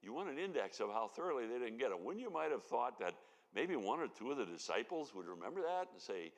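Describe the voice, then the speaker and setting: A man's voice: medium pitch, sing-song, fast. A man giving sermon-style Bible teaching at a conference, telling the story with animation and acting out the lines he quotes. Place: church sanctuary. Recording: reverberant church hall.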